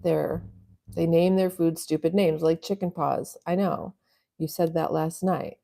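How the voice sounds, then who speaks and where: A woman's voice: deep voice, steady tone, unhurried, vocal fry, warm tone. A middle-aged woman from the US West Coast hosting a casual live stream, rambling chattily and reading out viewer comments. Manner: rambling, chatty, laughs often. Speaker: livestream host reading chat.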